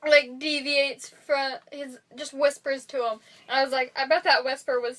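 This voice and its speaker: Young woman, high voice, giggly, animated, casual podcast chat. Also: normal speed, hardly any pauses, a little hiss or hum, poor audio. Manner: giggly, animated retelling of movie scenes. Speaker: podcast co-host.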